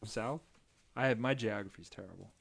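A man co-hosting a podcast in rambling, deadpan casual chat. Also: lowish voice, fairly quick, vocal fry, husky. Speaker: podcast co-host.

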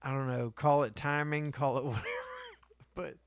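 A man's voice: medium pitch, steady tone, normal speed, smooth, dry recording. A man telling stories as a podcast co-host, profane and laughing often. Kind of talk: casual storytelling chat.

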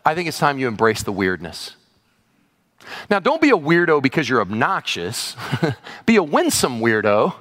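A man's voice: mid-range voice, very animated, moderate pace, a bit bright. A man pastor preaching a sermon in a conversational way with sudden exclamations, heard in a large church hall. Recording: reverberant hall.

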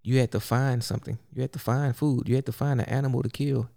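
A man's voice: medium pitch, steady tone, fast, vocal fry, warm tone. A man hosting a solo podcast, ranting in a blunt, profane and exasperated way. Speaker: podcast host.

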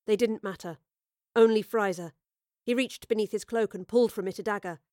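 A woman narrating a dramatic audio story in a measured, storytelling voice. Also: medium pitch, warm tone, no echo, clean studio sound.

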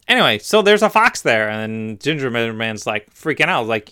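A male podcast co-host in casual chat, animated and joking, leaning on filler words. His voice is bright and crisp. It is clear and smooth. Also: medium pitch, a little fast, hardly any pauses. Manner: animated, jokey, filler-heavy.

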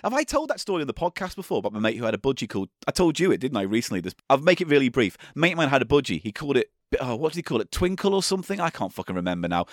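A man's voice: mid-range voice, racing, few pauses, no echo, clean studio sound. A man co-hosting a podcast, chatting casually and telling a story with frequent laughs. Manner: animated storytelling, laughs often. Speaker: podcast co-host. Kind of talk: casual chat.

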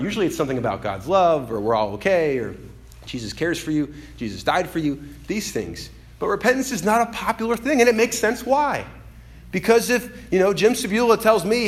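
Male pastor, lively sermon delivery, slightly high voice, acts out quoted lines. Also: fast talker. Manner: animated, acts out quoted voices, swings from loud to hushed.

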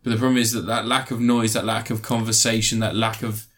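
A man casually recapping and reviewing a film, rambling with fillers, sarcastic asides and quick mock voices. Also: fairly low pitch, little pitch movement, fairly bright tone.

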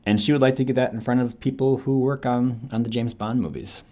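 A young adult man from Wisconsin, an actor talking about his career in an animated, relaxed interview. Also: mid-range voice, fairly quick. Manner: animated, switches into playful accents. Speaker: actor, podcast guest.

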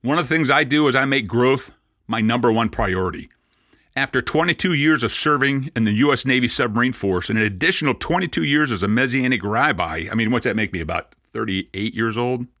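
Bright-voiced older rabbi preaching. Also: male voice, mid-range voice, a little fast, no echo. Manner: animated storytelling with dry self-mocking asides. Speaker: Messianic rabbi. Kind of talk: sermon.

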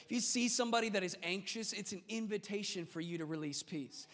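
High-voiced energetic preacher man. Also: brisk. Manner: energetic, humorous, conversational preaching. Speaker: pastor. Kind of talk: sermon. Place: church sanctuary. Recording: reverberant church hall.

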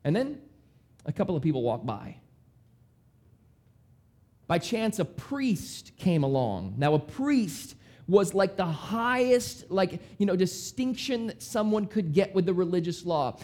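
Animated high-voiced male preacher. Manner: animated, conversational preaching with dramatic voiced quotes. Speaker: pastor. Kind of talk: sermon.

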